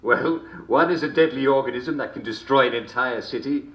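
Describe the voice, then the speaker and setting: An actor playing a jovial, sinister English comedy show host in a video game, theatrical and chuckling constantly between jokes. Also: male voice, mid-range voice, fairly quick, a bit bright, close to an everyday voice. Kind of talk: scripted video game character performance. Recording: roomy echo.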